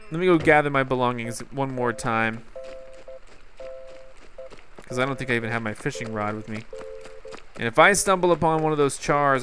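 A man's voice: mid-range voice, sharp tone. Male let's-play host, casual and jokey, rambling commentary, average voice. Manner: chatty, playful, rambling asides. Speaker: gameplay host.

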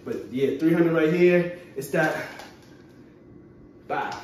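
A young man doing a casual show-and-tell vlog, excitable and slangy with frequent exclamations. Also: on the high side, takes it slowly. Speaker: vlogger showing his collection. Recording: very echoey, far from the mic, faint noise.

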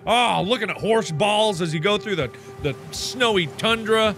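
A man in his thirties commentating on his own gameplay in a goofy, animated way, with sudden bursts of yelling. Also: high voice, normal speed, faint music behind. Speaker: gaming video host.

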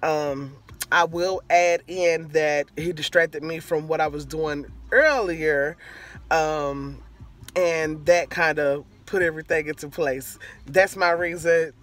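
With a deep voice and a slow pace, a young woman vlogger rambles through a storytime rant laced with swearing, easily distracted and drifting away from the point before returning to it.

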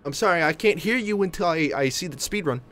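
Sarcastic swearing streamer man, lively pitch. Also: fast. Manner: sarcastic, swearing, self-mocking banter. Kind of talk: live gameplay commentary.

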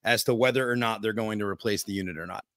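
A man hosting a podcast, telling work stories in a slangy, animated way and repeating himself as he goes. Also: lowish voice, fast, no echo, studio quality. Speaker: podcast host in the HVAC trade. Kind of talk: casual podcast chat.

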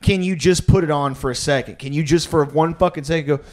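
A man's voice: on the high side, fast, hardly any pauses. A young man telling a long crude comic story on a podcast, rambling with fillers and slipping into a drawling old doctor's voice. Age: young adult. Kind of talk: casual comedic storytelling.

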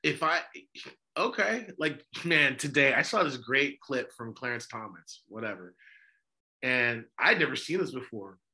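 An impassioned male priest talks through a podcast discussion, firing off rhetorical questions. His voice is bright and edged. His pitch sits in an ordinary middle range. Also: animated, measured pace. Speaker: Orthodox priest and podcast host.

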